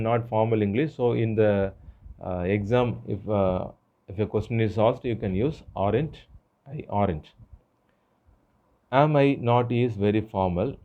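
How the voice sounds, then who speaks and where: A man teaching an English grammar lesson, explaining step by step with frequent pauses and fillers. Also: on the low side, dull audio. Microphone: phone screen recorder.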